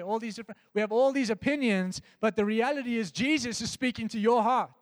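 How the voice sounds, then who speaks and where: A man delivers an earnest devotional sermon, his voice sitting fairly high for a man. He slows and drops soft and low on the phrases that matter. The sound is close and dry, with a long reverb trailing behind. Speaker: preacher. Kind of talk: devotional sermon with scripture reading.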